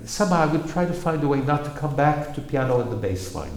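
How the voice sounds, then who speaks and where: A man's voice: fairly high pitch, animated, fast talker. A man teaching a piano masterclass, coaching a student with wry, probing questions between passages of playing. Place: large roomy hall with a piano. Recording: roomy hall echo with piano.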